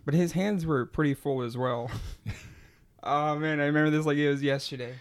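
Gravelly-voiced guy in his twenties, rambly laughing story on a podcast. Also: on the high side, steady tone, brisk. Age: 20s. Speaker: podcast co-host. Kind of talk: casual chat.

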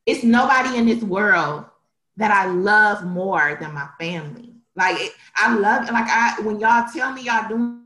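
A woman's voice: medium pitch, animated, unhurried, pushed and bright, echoey room. A young woman co-hosting a podcast, talking casually and emotionally about her family and siblings. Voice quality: emotional, tearful at times. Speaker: podcast co-host.

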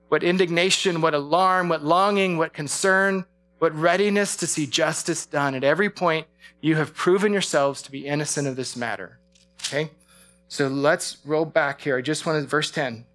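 A man's voice: fairly high pitch, a bit bright. Chatty man teaching a Bible study. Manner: casual, chatty, laughs often, halting restarts. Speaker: pastor leading a Bible study. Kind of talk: sermon.

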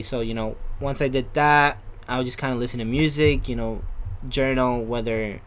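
A man's voice: medium pitch, steady tone, moderate pace, smooth. A young man, a podcast guest, talking in a casual, rambling way full of fillers. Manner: rambling, many fillers like "you know" and "kinda". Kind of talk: casual chat.

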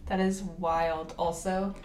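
A young American woman co-hosting a relaxed podcast, talking in an animated way and laughing often. Her voice sits a little low. The room gives it a noticeable echo. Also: slow pace, a little hiss or hum. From United States. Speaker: podcast co-host. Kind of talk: casual chat.

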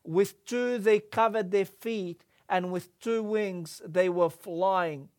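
Slow, halting earnest preacher. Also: mid-range voice, a little mellow. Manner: halting, with many restarts and fillers; earnest, builds emphasis through repetition. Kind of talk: sermon.

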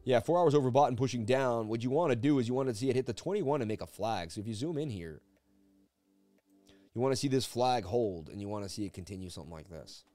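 A man hosts a live stream and talks through market charts in a loose, rambling way, mixing analysis with jokes. He speaks at an ordinary pitch, and the sound is dry and close. Faint music sits underneath. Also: fast talker, dry recording. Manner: energetic, rambling, jokey. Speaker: crypto market analyst host. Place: seated at a desk indoors.

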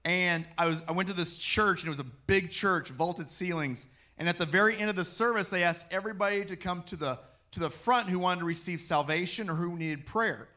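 A man preaching a personal testimony, telling his story in an animated way and acting out what he said. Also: sits high, a little fast, few pauses.

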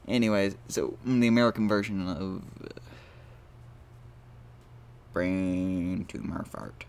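Brief: solo podcast host, man, lower voice, rambling self-deprecating humor. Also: moderate pace, creaky, long pauses. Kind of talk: casual solo podcast monologue.

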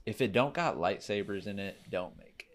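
A man's voice: on the low side, expressive, normal speed. A young man co-hosting a casual podcast, spinning crude silly riffs. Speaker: podcast co-host. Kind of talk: casual chat.

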